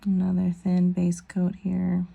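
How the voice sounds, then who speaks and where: A woman's voice: fairly low pitch, completely flat delivery, slow pace, vocal fry, dark tone, a little hiss or hum. A woman in her thirties chatting casually through a nail tutorial, rambling with self-deprecating asides. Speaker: nail vlogger.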